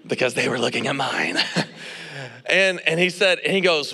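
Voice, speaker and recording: A young adult man preaching a sermon, telling a personal story with animated delivery, acting out quotes and laughing between lines. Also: fairly high pitch, moderate pace, vocal fry. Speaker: pastor. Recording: reverberant hall.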